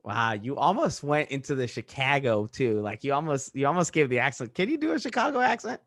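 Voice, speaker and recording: A man's voice: mid-range voice, very animated, brisk, fairly bright tone, no room sound, studio quality. A young man from Orlando co-hosting a sports podcast, arguing his points with playful ribbing. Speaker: podcast co-host. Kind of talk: casual sports debate.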